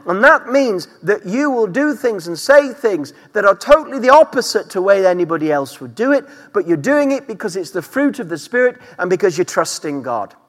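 A man's voice: high voice, fairly bright tone. A man preaching a sermon as pastor, with emphatic delivery that rises and falls. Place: church. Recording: church hall reverb.

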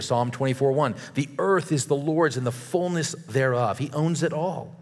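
A man's voice: medium pitch, normal speed, hardly any pauses. A male preacher delivering an earnest sermon, reading scripture aloud and warning his listeners. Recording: long reverb of a large hall.

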